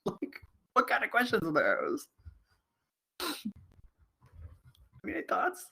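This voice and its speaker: A middle-aged man giving a casual college lecture, halting with many fillers and often laughing as he reads and jokes. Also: high voice, big pitch swings, fairly bright tone, slightly rough, low-quality recording. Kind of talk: casual online class lecture.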